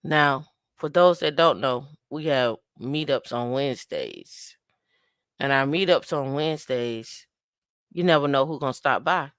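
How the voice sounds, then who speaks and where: Her voice is very deep and a touch slow, recorded at studio quality with no room sound. She hosts a casual livestream, greeting viewers by name, and playfully breaks into sung sound effects that imitate dancehall.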